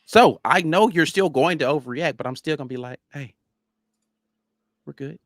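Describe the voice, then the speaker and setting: A man in his thirties co-hosting a casual sports chat show, animated and telling stories with acted-out quotes. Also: fairly high pitch, brisk, dry recording, clean studio sound. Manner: animated storyteller, acts out calming quotes. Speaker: co-host.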